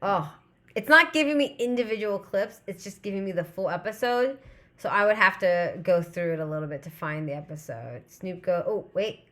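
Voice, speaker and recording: At a normal speed and in a mid-range, slightly bright voice, a woman in her thirties hosts a live stream. She keeps up a rambling, chatty flow and reads her viewers' messages aloud.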